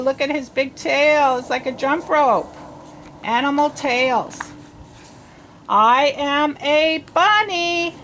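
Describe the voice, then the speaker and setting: A woman teaching children to read, sounding out letters and words slowly and asking them questions in an encouraging way. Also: high-pitched, a bit bright, a little hiss or hum. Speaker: reading teacher. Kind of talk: early reading lesson.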